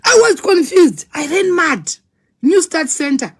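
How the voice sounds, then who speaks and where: A woman telling her own story in a dramatic, animated way, acting out scenes with sound words. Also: very high voice, a little slow. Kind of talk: personal storytelling.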